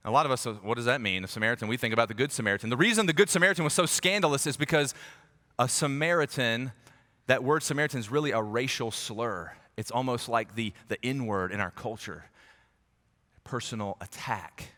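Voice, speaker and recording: A man preaching a conversational, animated sermon as a pastor, acting out quoted voices. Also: mid-range voice, a little fast. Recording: long hall reverb.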